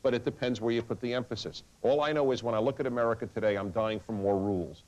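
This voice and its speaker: A man's voice: mid-range voice, quick pace, darkish tone, poor audio. A man hosting a talk radio debate, speaking earnestly into a studio microphone and often restarting his sentences. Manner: earnest, frequent stammered restarts. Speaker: radio talk show host.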